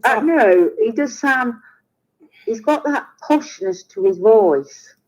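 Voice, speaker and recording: A woman chatting on a live stream, hesitant and halting, often laughing between her words. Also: fairly high pitch, expressive, rough recording. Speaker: guest on a live chat. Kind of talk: casual live-stream chat.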